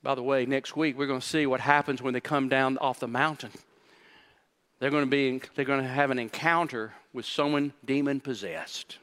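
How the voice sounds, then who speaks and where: A man's voice: medium pitch, steady tone, normal speed, a bit bright, clear, resonant tone, big-room sound. A man preaching a sermon as pastor, emphatic and repetitive, with rhetorical questions to the congregation.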